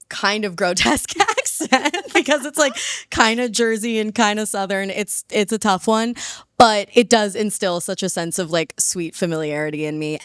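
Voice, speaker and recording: A woman from Baltimore talking as a guest on a podcast, chatty and quick with upspeak, vocal fry and frequent laughs. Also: medium pitch, a bit bright, no echo, studio quality. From Baltimore, USA. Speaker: guest sociolinguist. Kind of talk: casual interview chat. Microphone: podcast microphone.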